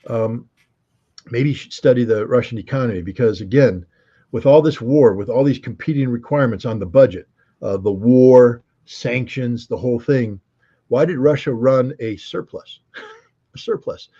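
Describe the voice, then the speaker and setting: A man's voice: medium pitch, normal speed, dark tone, slightly rough. An American man giving emphatic, argumentative commentary as an interview guest, fond of rhetorical questions, on dull lo-fi call audio. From United States.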